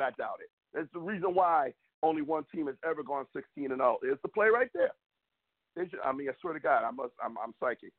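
A man co-hosting a sports talk podcast from the US, ranting with a rising, fired-up pitch. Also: dry recording. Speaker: podcast co-host. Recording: tinny phone-like call line.

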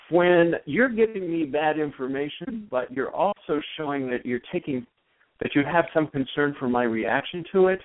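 A man speaking as an expert guest in a radio interview, explaining in an animated way and acting out example exchanges. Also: fairly high pitch, moderate pace, dry recording. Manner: animated, acts out example dialogue. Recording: tinny phone-line sound, dry.

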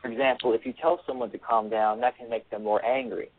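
A man's voice: medium pitch, steady tone, quick pace, dry recording. A male author giving a radio interview over the phone, earnest and repeating his phrases as he explains. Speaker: author and guest. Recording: tinny phone line.

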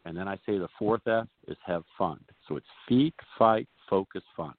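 A male tennis coach, a guest on a radio show, telling stories in a folksy, animated way and acting out the players he quotes. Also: deep voice, normal speed, no echo. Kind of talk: radio interview storytelling. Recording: dry tinny phone line.

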